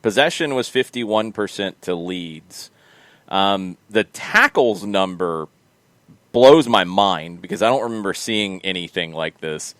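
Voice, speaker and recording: A man running a sports podcast, chatting loosely about match stats. His voice sits low but moves a lot up and down. The sound is dry and close. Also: a little slow, dry recording. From United States. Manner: relaxed, thinking aloud with many ums. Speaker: podcast host. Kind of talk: casual sports talk.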